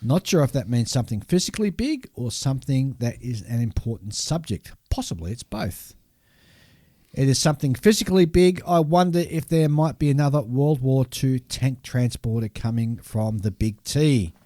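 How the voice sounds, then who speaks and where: A man's voice: medium pitch, expressive, moderate pace, dark tone, dry recording, studio quality. A man co-hosting a casual hobby podcast, reading a list of new model kits and tripping over foreign names with a laugh.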